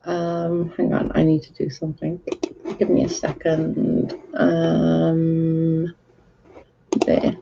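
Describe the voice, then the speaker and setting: A woman's voice: low-pitched, monotone, slow, vocal fry, long pauses. A woman chatting casually on a livestream, answering viewer comments in a blunt, candid, sweary way. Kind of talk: casual chat. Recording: dull lo-fi recording.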